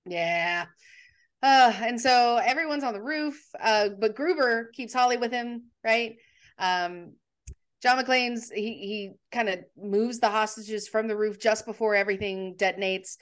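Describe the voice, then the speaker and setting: A woman's voice: a little high, measured pace. A woman co-hosting a casual chat, retelling a film's plot in a chatty way with many ums. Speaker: podcast co-host. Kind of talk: casual movie recap chat.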